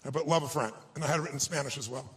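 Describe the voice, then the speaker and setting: A man giving a motivational speech and telling a personal story to an audience. He sounds heartfelt, slows down for emotional moments, and turns persuasive and rallying. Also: mid-range voice, fairly bright tone, a little hiss or hum. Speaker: motivational speaker.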